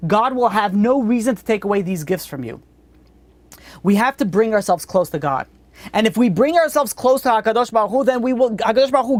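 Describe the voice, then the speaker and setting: A woman's voice: on the high side, dry recording. A woman giving a religious lesson in a blunt, conversational way, with frequent restarts. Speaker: Torah teacher.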